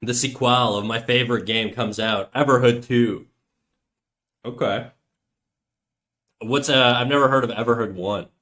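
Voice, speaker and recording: A man's voice: medium pitch, unhurried, long pauses, fairly bright tone. A man chatting casually on a livestream while he draws, joking and playfully defiant as he argues with his chat.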